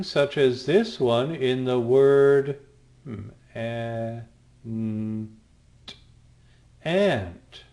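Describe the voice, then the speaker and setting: Man, Greek teacher, recorded lesson, slow deliberate pace, patient, sounds out letters. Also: mid-range voice, darkish tone. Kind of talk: screen-recorded language lesson.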